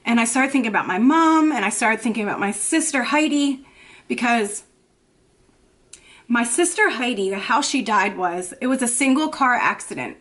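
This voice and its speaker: A woman in her thirties talks to camera in a confessional makeup vlog, her voice pitched a little high. She speaks in halting, emotional bursts, full of fillers and restarts. She sounds shaky and anxious. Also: lively intonation, a bit bright. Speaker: beauty vlogger.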